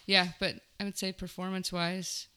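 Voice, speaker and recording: A woman's voice: lowish voice, flat delivery, normal speed, pushed and bright, clean tone. A young woman, a touring comedian, chatting casually and rambling as a guest, laughing often. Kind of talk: casual chat.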